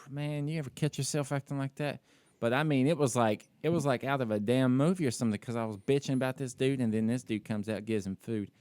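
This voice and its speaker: A podcast co-host with an average-pitched, slightly mellow voice talks briskly in casual chat, telling a story about himself with no holding back. He's self-critical and piles on "you know" and "like", recorded close and dry with no room echo.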